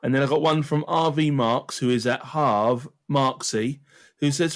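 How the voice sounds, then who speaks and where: A man's voice: mid-range voice, measured pace. Laid-back man reading listener rants. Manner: laid-back, reads listener messages with a chuckle. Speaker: podcast co-host. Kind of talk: casual football chat.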